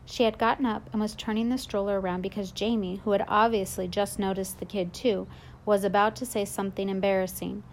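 A woman's voice: medium pitch, level tone, a little fast, a little hiss or hum. A woman narrating a storybook in the first person, in a confiding, reflective way. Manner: confiding, reflective boy's point of view. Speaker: audiobook narrator.

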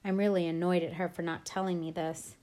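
Woman, audiobook narrator, first-person reading, reflective, lowish pitch. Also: level tone, brisk, mellow.

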